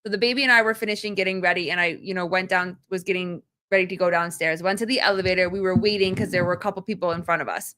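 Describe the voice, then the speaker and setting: Female podcast co-host, bright and forceful tone, lively storyteller. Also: fairly low pitch, very fast, few pauses. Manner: lively storyteller acting out quotes. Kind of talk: casual storytelling chat.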